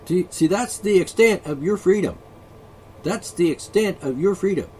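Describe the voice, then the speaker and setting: A man's voice: high voice, animated, normal speed, dark tone, husky. A man vlogging an angry solo rant, profane, sarcastic and mocking.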